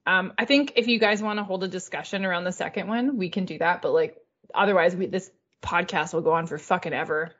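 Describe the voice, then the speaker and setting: A woman's voice: on the low side, fast talker, fairly bright tone, dull audio. A woman hosting a podcast, recapping in a chatty, casual way with lots of filler words and some swearing. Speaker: podcast host.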